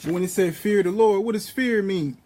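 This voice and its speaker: A man giving a rambling spiritual monologue, preachy and profane in a casual street manner, reading scripture slowly and deliberately. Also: high-pitched, dark tone, slight background noise. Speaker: vlogger.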